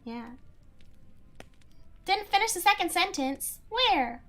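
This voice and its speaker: A young woman streamer chats casually and answers her viewers, rambling with lots of "like" and breaking into giggles. Her voice sits high and sounds bright. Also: very animated, slow. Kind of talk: casual chat, reading chat.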